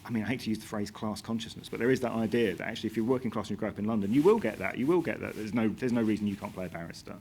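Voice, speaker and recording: A man interviewing a guest on stage, asking thoughtful questions with quick restarts and self-corrections. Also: on the low side, a little mellow, slightly rough. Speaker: interviewer, season curator. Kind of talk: onstage interview.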